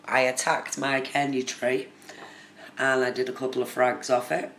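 A British woman with a rumbling low voice chats casually on a live stream, reading viewer comments and answering them. She keeps a level tone at a moderate pace, sounding a bit bright in an echoey room with faint noise.

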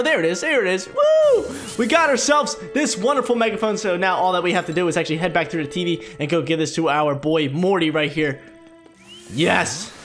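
A man with a high voice narrates his gameplay in an excitable, playful way. His pitch swings up and down as he talks. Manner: excitable, playful hype talk. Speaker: gaming commentator. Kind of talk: let's play commentary.

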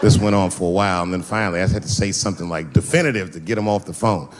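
A man doing a stand-up comedy routine on a live stage, telling stories in a loose, profane way with sudden high-pitched bursts. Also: rapid-fire, some chatter behind.

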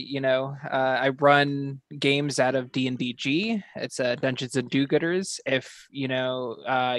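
A man's voice: mid-range voice, dry recording. A man who runs tabletop games, chatting casually with lots of fillers. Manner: relaxed, many fillers. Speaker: game master. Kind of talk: casual chat.

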